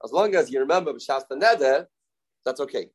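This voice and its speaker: A man's voice: medium pitch, expressive, breathy edge, poor audio. A man teaching a Talmud study class, explaining in English with Hebrew and Aramaic terms and acting out the speakers he quotes. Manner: halting, self-correcting delivery.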